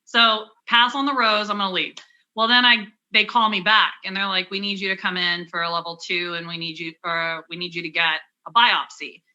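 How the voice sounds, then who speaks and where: A woman's voice: medium pitch, flat delivery, a little fast, bright, forceful tone, muffled recording. A young adult woman telling a personal story as an interview guest, candid and conversational, with many fillers and restarts. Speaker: interview guest, cancer survivor.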